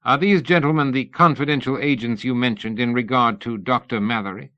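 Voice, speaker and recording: A man reading a suave, cordial Victorian gentleman journalist with a polite, genteel manner. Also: medium pitch, fairly quick, highs cut off, pitched above the performer's own voice, natural voice. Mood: courteous. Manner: polite, genteel, feigning innocence.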